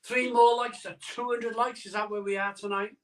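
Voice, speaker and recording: Far from the mic, a man with a high-pitched, flat voice hosts a live beer-tasting stream from a room at home, speaking at a moderate pace. His mouth is burning from chili, so his casual chat to viewers rambles and keeps interrupting itself.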